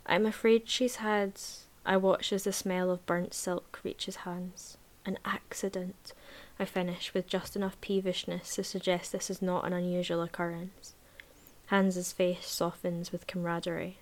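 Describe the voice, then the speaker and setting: A woman reading a novel aloud in a measured, even voice, then chatting casually about the book. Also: on the low side. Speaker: book reviewer.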